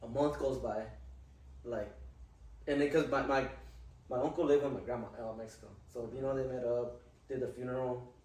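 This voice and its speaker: A man's voice: mid-range voice, fairly even intonation, darkish tone, distant mic. Casual, swearing man in a roomy space. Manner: casual, profane, halting with many fillers. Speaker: podcast host. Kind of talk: casual conversation.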